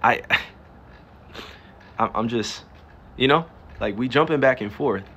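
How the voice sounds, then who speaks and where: The Newark-born pro athlete and livestreamer speaks slowly here, his mid-range voice a bit bright, in a casual livestream rant packed with rhetorical questions and emphatic cursing. The recording is muffled with a little hiss or hum.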